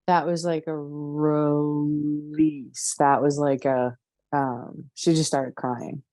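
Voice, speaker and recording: A woman as a therapy client, talking haltingly and repetitively through an emotional memory, with many fillers. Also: sits low, level tone, dark tone, dry recording. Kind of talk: emotional guided recall.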